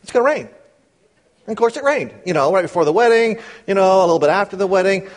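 A middle-aged man preaching a sermon, reading scripture slowly and then explaining it in quick, casual asides. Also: high-pitched. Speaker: pastor.

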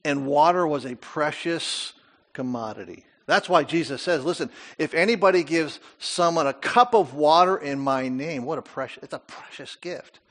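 Animated older male preacher. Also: a little high, moderate pace. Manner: animated preaching with rhetorical questions and asides. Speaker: pastor. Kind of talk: sermon.

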